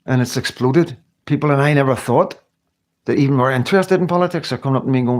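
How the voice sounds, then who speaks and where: Talking at a quick pace in a mid-range voice, a middle-aged man from the United Kingdom hosts a live stream, addressing viewers with earnest emotion. He rambles and frequently starts his sentences over.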